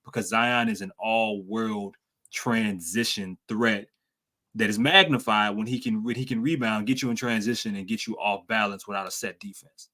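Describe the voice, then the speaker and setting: Podcast guy with a bright forceful voice, talks hoops, teases his buddy, gets loud and excited. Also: normal speed. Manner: animated, teasing, breaks into high excited exclamations. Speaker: podcast co-host. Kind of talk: casual sports chat.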